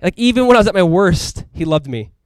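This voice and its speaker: Male pastor, fairly high voice, rapid, chatty and emphatic sermon delivery, dry sound. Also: animated, clean tone, no room sound. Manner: casual, conversational preaching with frequent asides.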